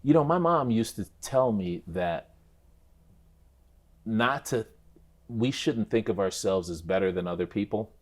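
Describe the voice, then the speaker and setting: Low-voiced man telling stories reflectively. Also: a little slow, pauses often. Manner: thoughtful, many restarts, speeds up when animated. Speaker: interview guest, former basketball player. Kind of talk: reflective conversational storytelling.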